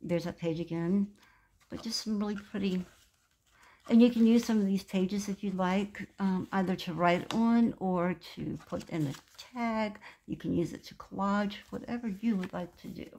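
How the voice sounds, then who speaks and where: A woman in her sixties talks through her handmade journal in a relaxed show-and-tell. She gushes over every page and wanders off on side thoughts. Her pitch sits in an ordinary middle range. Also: moderate pace, a little hiss or hum. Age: 60s. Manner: gushing, chatty, meandering. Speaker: craft vlogger. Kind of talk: casual craft show-and-tell.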